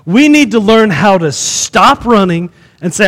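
A man's voice: sits high, expressive, unhurried, few pauses, fairly bright tone, long reverb tail. A man pastor preaching a sermon to his congregation, repeating phrases for emphasis and asking the room questions. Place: church sanctuary.

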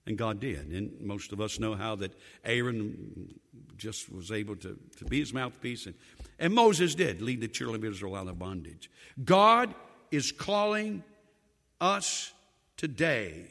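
A man preaching a sermon, telling Bible stories with animated storytelling and acting out the dialogue. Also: on the high side, unhurried. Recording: long hall reverb.

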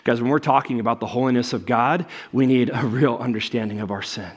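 A man's voice: medium pitch, steady tone, quick pace, breathy edge. A man preaching a sermon as a pastor at a church service, conversational and joking, peppering his points with "okay?" and "right?" and acting out voices when he quotes people.

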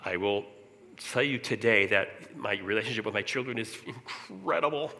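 A middle-aged man giving an earnest personal testimony in church, often clearing his throat as he talks. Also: fairly low pitch, expressive, normal speed, sharp tone. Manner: earnest, candid storytelling. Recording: long reverb of a large hall.

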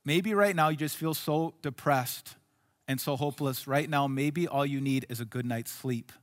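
A male pastor preaching a sermon in an earnest way, dropping to soft, hushed lines and then rising to emphatic ones. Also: mid-range voice, moderate pace, in a large hall.

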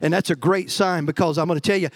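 A male pastor preaching a sermon with emphatic, energetic delivery and playful asides to the congregation. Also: a little high, fast, no echo.

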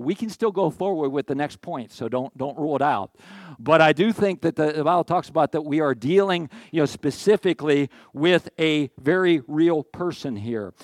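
A man's voice: fairly high pitch, dry recording. Folksy pastor in his sixties, dry sound. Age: 60s. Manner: folksy, rambling, with jokes and asides. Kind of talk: sermon.

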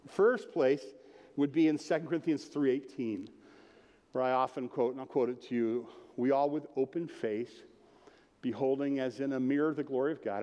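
A man's voice: medium pitch, mellow, muffled recording. A man preaching a sermon as pastor, casual and jokey, talking straight to the congregation. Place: church. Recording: long hall reverb.

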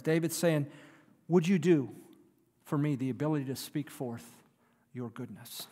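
Pastor, male, sermon delivery, slightly high voice, from booming emphasis to hushed quiet, long hall reverb. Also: unhurried, long pauses. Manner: wide swings from loud emphatic preaching to near-whispered quiet.

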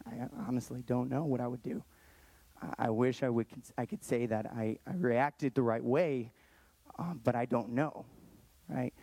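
Earnest man in his thirties, mellow voice. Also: medium pitch, dry recording. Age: 30s. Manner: earnest, halting, with many restarts. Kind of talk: personal storytelling. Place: Texas, around Austin.

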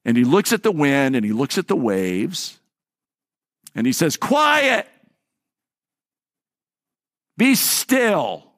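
A man's voice: medium pitch, very animated, normal speed, a little mellow, no room sound. A male pastor delivers a sermon in a mid-range voice recorded close and dry. He tells stories and slips into the voices of the people he quotes. Now and then he repeats a word as he restarts a phrase. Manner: storytelling, acting out quoted voices.

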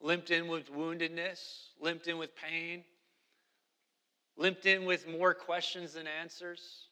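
A man's voice: on the high side, flat delivery, slow pace, pushed and bright, long reverb tail. A man preaching a sermon as pastor, emphatic and repeating key phrases.

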